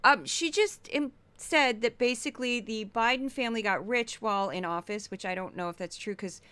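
A woman podcast host giving casual, animated commentary, laughing often and sometimes breaking into yelling. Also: on the high side, moderate pace, smooth, no room sound.

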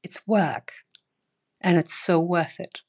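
A woman's voice: fairly low pitch, slow, darkish tone, slightly rough. A woman hosting and reading her own newsletter aloud, earnest and emphatic, with sudden stressed words, in her bedroom. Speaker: newsletter host.

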